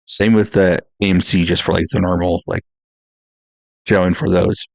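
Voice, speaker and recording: A laid-back man co-hosts a film podcast with short replies and lots of fillers. His voice is very deep and gravelly, recorded dry and close. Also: little pitch movement, moderate pace, darkish tone, no room sound. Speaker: podcast co-host. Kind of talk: casual chat.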